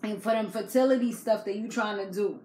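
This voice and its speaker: A woman's voice: mid-range voice, brisk, a little mellow. Slangy, laughing woman recapping a show. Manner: slangy, chatty, laughs often. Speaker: reality TV recap vlogger. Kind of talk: casual chat. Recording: echoey room with faint background noise.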